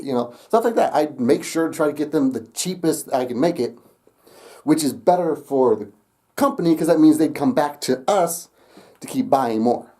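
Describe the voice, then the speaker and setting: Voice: mid-range voice, normal speed, warm tone. A young adult vlogger telling a rambling story straight to camera, laughing often and swearing casually.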